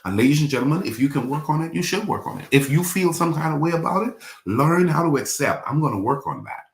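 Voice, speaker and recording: A man's voice: fairly high pitch, expressive, quick pace, reverberant. A man preaching a sermon in a church, repeating phrases and calling the congregation to respond. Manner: repetitive, call-and-response preaching. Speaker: pastor.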